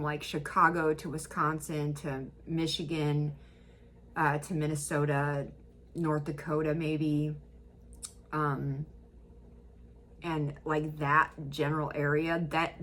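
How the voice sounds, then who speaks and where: A woman's voice: deep voice, a bit bright. A young woman from central Illinois with a Midwestern accent, rambling casually through reaction commentary with many ums and likes. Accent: Midwestern American. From central Illinois, USA. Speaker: YouTuber.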